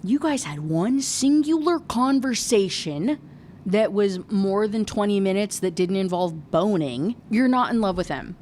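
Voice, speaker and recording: A woman's voice: medium pitch, animated, unhurried, darkish tone, slight background noise. Sarcastic, swearing woman ranting about a book. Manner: sarcastic, profane, exasperated. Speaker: book reviewer. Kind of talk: casual rant review.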